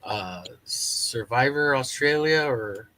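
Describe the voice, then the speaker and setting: A man co-hosting a podcast, chatting in an easygoing, teasing, halting way. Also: mid-range voice, lively intonation, bright, forceful tone, rough recording. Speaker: podcast co-host. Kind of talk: casual chat.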